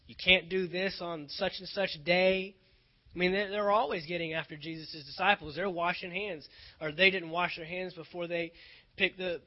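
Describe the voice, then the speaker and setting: A male pastor preaching a sermon, earnest and emphatic, often repeating phrases for weight. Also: high voice. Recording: dull lo-fi recording.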